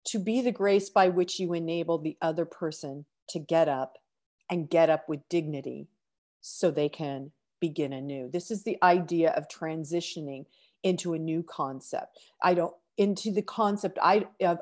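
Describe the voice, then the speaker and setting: Sitting low with a darkish tone, the voice belongs to a middle-aged woman hosting an inspirational podcast. Slow, earnest and emotional, she stops to sigh and begins again.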